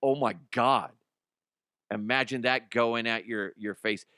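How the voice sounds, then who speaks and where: A man in his thirties or forties hosting a comedy news podcast, talking bluntly and profanely, swinging between heated rants and quiet asides. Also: mid-range voice, steady tone, a little slow, smooth, dry recording, clean studio sound. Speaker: podcast host. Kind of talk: casual comedic news commentary.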